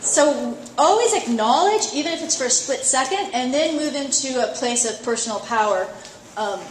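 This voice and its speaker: A middle-aged woman coach teaching a live seminar at a horse expo, chatty and lively, acting out her inner thoughts. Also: high voice, moderate pace, slight background noise. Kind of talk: live talk to an audience. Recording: roomy echo, faint ambience.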